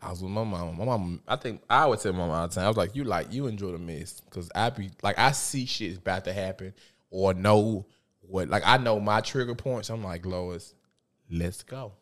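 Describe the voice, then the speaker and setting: A man hosting a casual podcast, telling a story in an animated, profane way with loud bursts of laughter. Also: deep voice, moderate pace. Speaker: podcast host.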